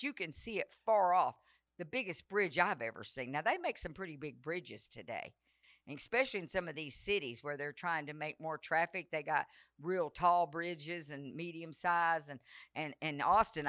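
A woman's voice: fairly low pitch, fairly bright tone, no echo, studio quality. A woman preaching a revival sermon, telling a personal story with dramatic flair and acting out the dialogue. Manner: dramatic, breaks into sung prayer, acts out quoted dialogue.

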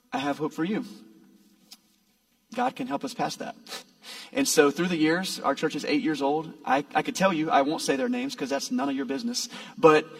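Guy preaching in church, laid-back chatty sermon, kinda gravelly, sounds a bit far off the mic. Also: high voice. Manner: conversational, folksy, with playful asides. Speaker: pastor.

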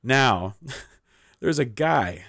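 A young man co-hosting a podcast, telling a story in casual chat, animated and full of "like", acting out what people said. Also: mid-range voice, extremely slow, no room sound, clean studio sound. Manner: animated, acts out quoted lines, heavy use of "like". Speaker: podcast co-host.

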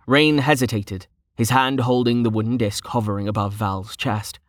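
Male audiobook narrator, steady fantasy read, middle pitch, dry close mic. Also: moderate pace, no room sound. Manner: steady storytelling.

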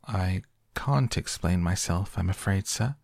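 A man reading the lines of a polite, earnest young girl in a storybook, a little flustered, in a dry, gravelly voice. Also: sits low, darkish tone, dry recording. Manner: polite, slightly flustered, quickening when anxious.

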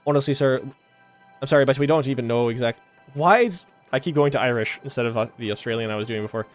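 A man's voice: mid-range voice, expressive, quick pace, soft background music, close to an everyday voice. A man voicing a dutiful, apologetic male caravan guard who speaks formally with a wavering put-on accent.

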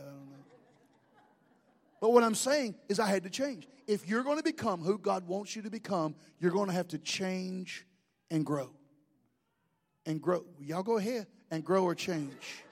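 A man's voice: high voice, big-room sound. A man preaching a sermon, conversational, joking with the congregation in asides. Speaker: pastor.

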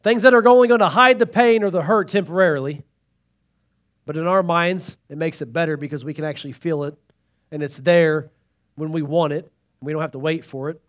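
In a church sanctuary, a pastor with a notably high voice preaches briskly with fairly even intonation. He alternates loud, pleading emphasis with hushed asides and repeatedly calls on the congregation to respond.

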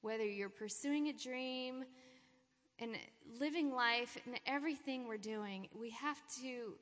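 At a church gathering, a woman with a slightly high voice gives an informal sermon talk at an unhurried pace. It's an encouraging, warm pep talk with laughter, carrying a long hall reverb.

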